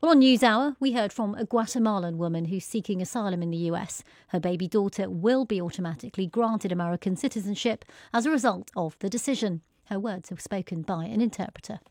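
A woman news presenter with a mid-pitched voice that asks crisp, probing questions. Her recording is dry, with no room echo. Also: a little fast, hardly any pauses, darkish tone.

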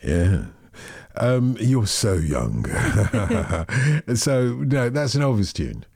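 A man's voice: fairly low pitch, sing-song, extremely slow, a little mellow, husky, dry recording, clean studio sound. A man hosting a radio phone-in, chatting and teasing, often correcting himself. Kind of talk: casual on-air chat.

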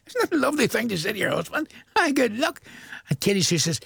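Older Northern Irish male radio presenter, gravelly, husky, chatty and teasing, dry close sound. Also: high-pitched, very animated, fast, a bit bright, no echo. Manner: chatty, teasing, laughs often. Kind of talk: casual radio shout-outs.

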